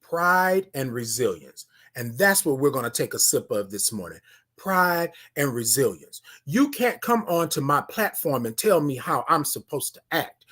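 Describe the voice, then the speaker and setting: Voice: medium pitch, a bit bright, husky. An emphatic motivational host talks straight to a livestream audience, with a mid-range voice that rises and falls with lots of life. The delivery is preachy and repetitive, and the host greets viewers by name between points. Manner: emphatic and preachy, repeats key phrases. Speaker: livestream morning show host.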